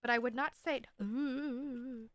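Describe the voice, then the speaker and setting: Woman streamer, casual and playful, bright slightly high voice, dry close mic. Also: lively intonation, brisk, dry recording. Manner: rambling, playful, self-mocking. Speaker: livestreamer.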